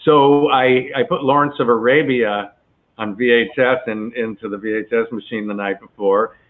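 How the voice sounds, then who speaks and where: A man's voice: medium pitch, fairly even intonation, moderate pace. Man telling anecdotes over a phone line. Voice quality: chatty, peppered with asides. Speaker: actor guest telling a story. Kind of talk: relaxed anecdotal interview.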